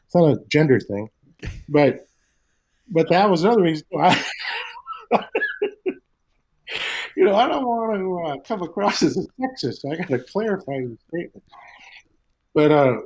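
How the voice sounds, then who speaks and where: A man's voice: fairly high pitch, very animated, moderate pace, long pauses, a little mellow, slightly rough, rough recording. A middle-aged man, a guest comedian in a casual chat, telling rambling road stories, swearing freely and acting out quotes.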